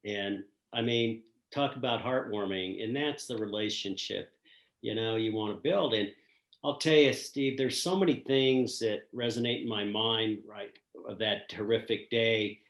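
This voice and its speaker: Older man, earnest storyteller, roomy sound. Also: lowish voice. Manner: earnest, reflective, pausing often. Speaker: guest, retired school principal. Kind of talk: emotional personal storytelling. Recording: roomy echo.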